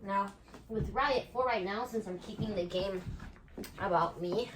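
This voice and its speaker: A woman's voice: medium pitch, measured pace, noisy background. A woman dog trainer explaining play training to viewers at home, talking to her puppy in between. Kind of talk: casual instructional video.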